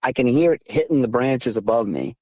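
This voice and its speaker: A man in his thirties from southeastern Massachusetts tells his story as an interview guest, calling in by phone. His delivery is emphatic and animated, rising in pitch as he relives the tense moments. The sound is dry and close, with an ordinary mid-range voice. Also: a little fast, slightly rough, no echo. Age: 30s. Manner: animated, emphatic retelling, voice climbing when heated. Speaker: guest recounting encounters. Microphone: phone call.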